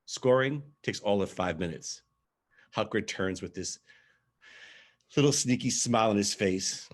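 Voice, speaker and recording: A man playing a wry, husky-voiced storyteller. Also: lowish voice, expressive, a little slow. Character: wry, candid male arts director telling his story. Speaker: actor reading a monologue. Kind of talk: verbatim theatre reading.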